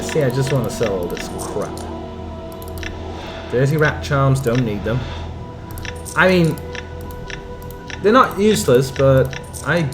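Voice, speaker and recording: Slow-talking male game streamer. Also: medium pitch. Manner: reads game text aloud, muttering asides. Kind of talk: casual let's-play commentary. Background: game music.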